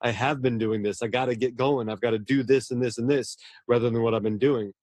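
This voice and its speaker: A man's voice: mid-range voice, steady tone, fairly quick, darkish tone, dry recording. A man, a horror novelist, talking earnestly and at length in a casual interview, often restarting his words.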